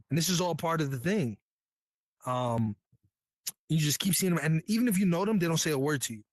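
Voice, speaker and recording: A man's voice: fairly high pitch, lively intonation, brisk, no echo. A man from New York, a Navy veteran guest, telling his story in a candid, earnest, slangy way. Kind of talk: casual storytelling.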